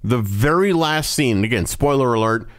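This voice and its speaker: A man co-hosts a casual movie podcast, ranting bluntly and swearing freely as they review films. His voice is medium-pitched and animated, at a normal speed.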